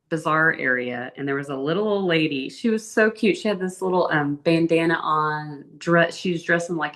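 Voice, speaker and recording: Low-voiced woman telling travel stories. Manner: chatty, animated storytelling with big pitch lifts. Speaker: interview guest. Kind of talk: casual interview storytelling.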